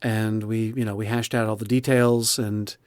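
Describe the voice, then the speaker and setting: A man's voice: fairly low pitch, flat delivery, moderate pace, a little mellow, no echo, clean studio sound. A man who narrates audiobooks, chatting expressively in an interview with frequent restarts. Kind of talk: casual interview chat.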